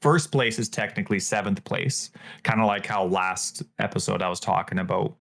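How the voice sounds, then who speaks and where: Gravelly low-voiced male podcast co-host. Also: moderate pace. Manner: excitable, jumps to high exclaims. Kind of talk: casual chat.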